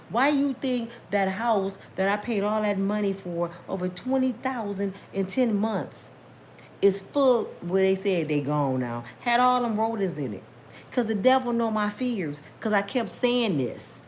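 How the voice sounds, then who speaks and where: A middle-aged woman telling a personal story casually and emphatically to her viewers, talking straight to them, breaking into religious exclamations and climbing high when worked up. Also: animated, measured pace, a little hiss or hum. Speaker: storyteller vlogger.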